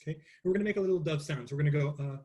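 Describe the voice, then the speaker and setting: A man leading an interactive voice lecture, explaining vocal acoustics casually with many fillers and restarts, and singing cooing warm-up patterns. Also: on the high side, racing. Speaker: voice teacher.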